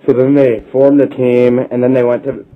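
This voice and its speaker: A man's voice: medium pitch, flat delivery, normal speed. A man retelling a story in a rambling, run-on comic way, chaining everything with "and then". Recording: dull lo-fi recording.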